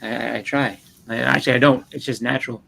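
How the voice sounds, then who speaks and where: Fast-talking Boston man with a gravelly voice. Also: mid-range voice, steady tone, sharp tone, a little hiss or hum, poor audio. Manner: rambling, repeats words while talking. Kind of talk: casual chat.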